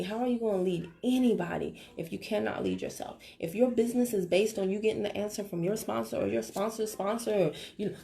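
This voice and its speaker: A woman's voice: medium pitch, creaky, warm tone. A woman with a Southern American accent, talking casually and with sass to her team on a live video. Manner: sassy, joking, talks straight to viewers. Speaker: network marketing team leader. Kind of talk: casual live-stream talk.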